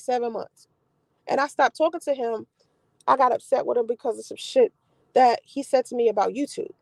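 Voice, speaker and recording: A young adult woman vlogger giving blunt, profane relationship talk in an animated storytelling way. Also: high voice, no room sound, poor audio. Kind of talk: casual live-stream talk.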